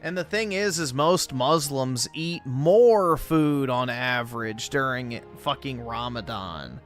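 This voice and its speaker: A man's voice: medium pitch, lively intonation, slow, over music. A man co-hosting a livestream, chiming in with crude, dismissive remarks. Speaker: co-host. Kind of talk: livestream commentary.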